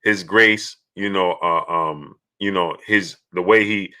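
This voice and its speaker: A man hosting a casual live stream, halting with many fillers and pauses as he reads viewer messages. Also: sits low, clean tone. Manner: halting, many fillers, bursts of excited yelling at a game. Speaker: live stream host reading super chats.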